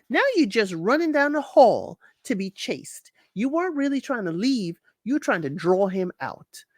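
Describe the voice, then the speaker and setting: A woman's voice: medium pitch, dry recording, clean studio sound. A woman host giving a casual, colloquial recap of a reality show, scolding the people on it directly. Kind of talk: casual commentary.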